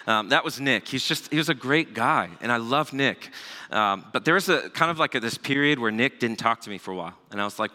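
A man in his thirties preaching a sermon, telling a personal story in a relaxed conversational way with asides. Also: fairly low pitch, fairly quick. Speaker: pastor. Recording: long hall reverb.

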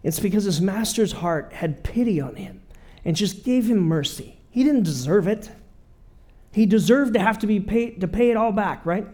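A man's voice: high voice, expressive, normal speed, a little mellow. A man preaching a sermon in a conversational way, often checking in with his listeners. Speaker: pastor.

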